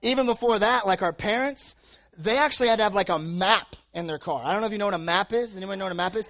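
Before a live audience, a young youth preacher gives an informal sermon built around a rambling, jokey personal story full of filler words. His voice sits high with a fairly bright tone, and he talks fast.

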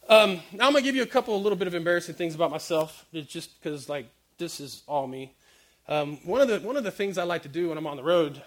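A man giving a lively comic sermon, quizzing the crowd and acting out little stories. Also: high-pitched. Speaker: preacher speaking to a youth audience.

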